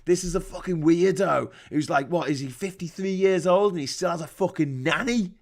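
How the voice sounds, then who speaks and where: A man's voice: fairly high pitch, brisk, hardly any pauses. A man from the North of England, ranting casually and sarcastically on a live stream, swearing a lot and rambling.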